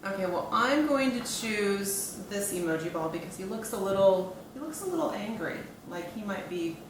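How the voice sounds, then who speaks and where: A woman school counselor leading a role-play lesson for a child in her office, speaking in a calm, encouraging, praising way. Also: mid-range voice, normal speed. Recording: echoey room with background noise.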